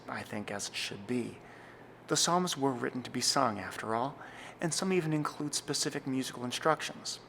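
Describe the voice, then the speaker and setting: A young man, a church music director, giving an earnest, scripted tutorial, sometimes slowing to a careful, deliberate reading pace. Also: medium pitch, vocal fry, a bit bright, a little hiss or hum. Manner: measured, earnest, reads slowly and deliberately in demonstrations. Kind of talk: scripted instructional talk.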